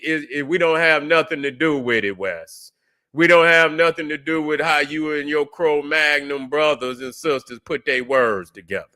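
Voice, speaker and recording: This livestream host has a fairly high, bright, forceful voice. His casual ranting commentary is loose, profane and mocking, full of fillers and restarts.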